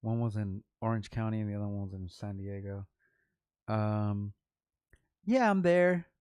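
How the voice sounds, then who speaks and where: A man's voice: lowish voice, unhurried, darkish tone, clean tone, dry recording. A middle-aged man from Los Angeles, a rapper hosting his own vlog, telling a long, rambling, profane story in casual talk and repeating himself. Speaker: vlog host, underground rapper.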